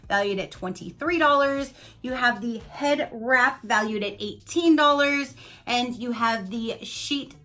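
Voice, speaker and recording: A woman's voice: fairly high pitch, pushed and bright. Gushing chatty woman unboxing vlogger. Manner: gushing, chatty, many "like"s and "you guys". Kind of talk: casual product review.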